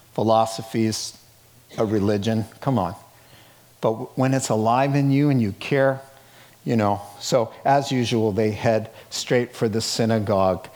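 A man's voice: mid-range voice, darkish tone. A middle-aged man pastor preaching a sermon in an emphatic, conversational way, with rhetorical questions to the congregation.

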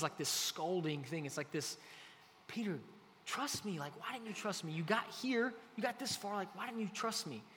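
A man preaching a relaxed, conversational sermon, often filling pauses with "like". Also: a little high. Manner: conversational, heavy use of "like". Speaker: pastor. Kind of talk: casual sermon. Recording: faint hall reverb, light noise.

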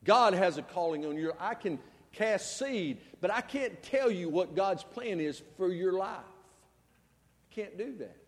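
A male pastor preaching a sermon in a high-pitched voice. He swings from loud outbursts down to hushed, quiet lines, and a long reverb from the hall trails each phrase. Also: animated, takes it slowly.

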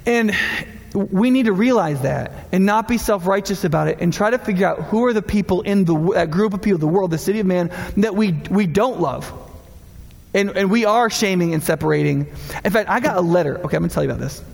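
A man's voice: high voice, brisk, creaky, darkish tone. A man preaching as a pastor in a casual, conversational sermon, acting out the voices of people he quotes. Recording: long hall reverb.

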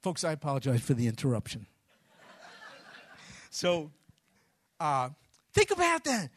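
A man preaching a sermon, telling a Bible story with lively acted-out voices. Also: fairly high pitch, measured pace, no echo, clean studio sound. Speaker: pastor.

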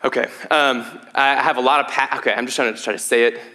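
A young man preaching a sermon in a casual, conversational way, full of restarts and fillers, moving from quiet prayer to lively storytelling. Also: mid-range voice, fast. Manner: hushed prayer, rising to animated storytelling. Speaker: pastor.

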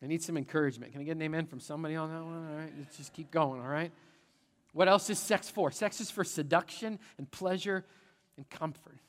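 Male pastor, middle-aged, preaching, animated and chatty, fairly high voice, long church reverb. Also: brisk. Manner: animated, conversational, checks in with the crowd often. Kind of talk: sermon. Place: large church sanctuary.

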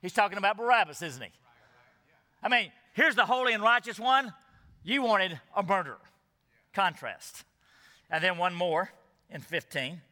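Male preacher, sermon, emphatic and earnest, rhetorical questions, sharp bright tone, echoey hall. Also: high-pitched, expressive, moderate pace, long pauses. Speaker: pastor. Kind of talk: expository sermon.

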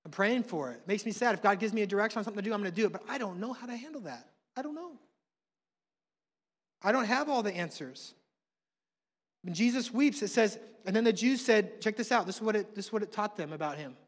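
A man, preaching a sermon with passion, swinging between hushed and loud. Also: high-pitched, lively intonation, fast. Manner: impassioned, swings from soft to loud. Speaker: pastor. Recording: long reverb of a large hall.

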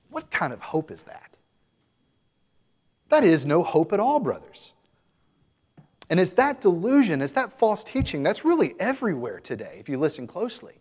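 Earnest preacher man in an echoing hall. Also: high voice. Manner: earnest, emphatic, building to exhortation. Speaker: pastor. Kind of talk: sermon. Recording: long hall reverb.

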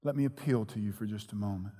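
A man's voice: lowish voice, fast talker, warm tone. Earnest preaching man in echoing hall. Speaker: pastor. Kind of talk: sermon. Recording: long echoing hall reverb.

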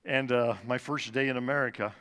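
In an echoing church sanctuary, a man in his sixties shares his personal testimony as a guest speaker at a service. His medium-pitched voice is clear, resonant and steady, and he slows and drops softly to stress points amid the long hall reverb.

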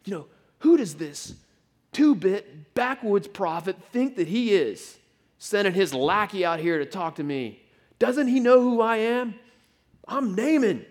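A man's voice: high-pitched, lively intonation, unhurried, in a large hall, voice pushed up. Man putting on a huffy, proud general. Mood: indignant. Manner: huffy, self-important outburst. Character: proud, indignant male army general.

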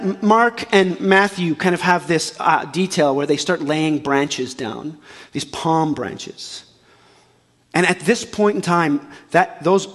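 A man preaching a sermon as a pastor, animated and full of restarts, acting out the voices of the people he quotes. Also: on the high side, big-room sound. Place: church auditorium.

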